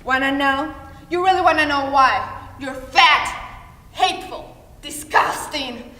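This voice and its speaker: Young woman as a harsh middle-aged mother, sharp and scolding, loud bright voice, echoey hall. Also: high voice, slow pace, heavily acted. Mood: contemptuous.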